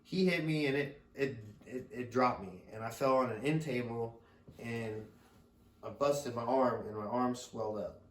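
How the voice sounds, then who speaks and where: Picked up by a distant mic in a roomy space, this middle-aged dad speaks at normal speed in a mid-range voice. He's casually spinning a rambling podcast story, with frequent laughs and plenty of swearing.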